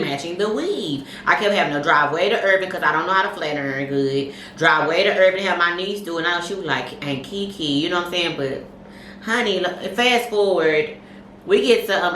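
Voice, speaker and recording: A woman's voice: lowish voice, pushed and bright, roomy sound, slight background noise, rough recording. A woman co-hosting a podcast, telling stories casually, laughing and acting out voices. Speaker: podcast co-host. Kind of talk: casual chat, storytelling.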